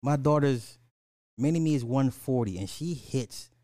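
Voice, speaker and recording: A man's voice: mid-range voice, a little slow, warm tone, no echo. Guy podcasting solo, rambly and chatty, dry close sound, voice right in the middle. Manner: rambling, laughing, often apologizing for going off track. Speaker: podcast host. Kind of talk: casual rambling commentary.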